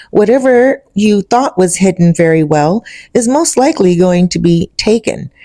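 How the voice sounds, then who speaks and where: A woman's voice: mid-range voice, mellow, no echo. A woman telling a story in a chatty way, speaking directly to her listeners. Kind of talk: casual storytime vlog.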